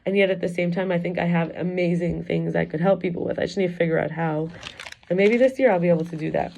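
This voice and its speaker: A woman's voice: fairly low pitch, fairly even intonation, quick pace, vocal fry, dark tone, a little hiss or hum. A middle-aged woman talking candidly in a rambling, confessional personal vlog, reflecting aloud as a wellness coach.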